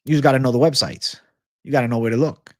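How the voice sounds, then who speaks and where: A man's voice: medium pitch, steady tone, fast, no room sound. A man hosting a casual livestream Q&A, ranting with a lot of swearing and answering viewer comments. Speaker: livestream host.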